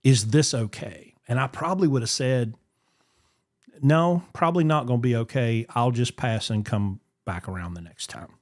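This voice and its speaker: A man's voice: mid-range voice, moderate pace. A man, hosting a podcast and telling a story in casual chat, acting out the voices he quotes. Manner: animated, acts out quoted voices. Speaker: podcast host.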